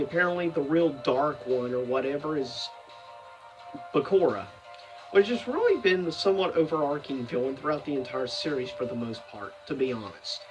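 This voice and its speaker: A man's voice: fairly high pitch, distant mic, poor audio. A man giving a casual, rambling commentary as a video host, full of fillers and self-corrections. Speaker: video host ranking seasons of a cartoon.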